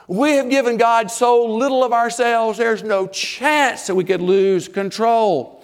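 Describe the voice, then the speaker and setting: An older man preaching a sermon as pastor, animated, with sudden loud bursts and hushed asides. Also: extremely high pitch, measured pace, hardly any pauses, smooth.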